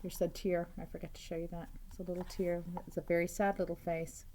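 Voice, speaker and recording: A woman's voice: fairly low pitch, level tone, quick pace, dark tone, slight background noise. A woman teacher reading a picture book aloud to children, chatty and asking them questions, with frequent "uh-oh"s.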